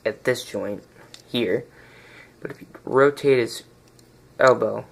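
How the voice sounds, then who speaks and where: A man with a gravelly, fry-edged voice, recorded on a phone, talks through a toy review in a loose, unscripted way. He wanders, hunts for words and circles back on himself as he goes. His pitch sits in an ordinary middle range. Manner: rambling, searches for words and restarts often.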